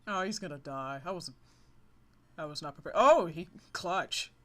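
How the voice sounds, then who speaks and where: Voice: medium pitch, lively intonation, moderate pace, sharp tone. A gamer giving casual, rambling commentary over a monster-catching game, often laughing and apologizing for going off track. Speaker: let's-play gamer.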